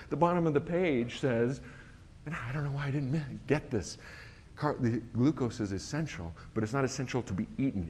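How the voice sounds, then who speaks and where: Brief: male conference speaker, lively storyteller who acts out the dialogue, mid-range pitch. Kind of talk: personal story talk.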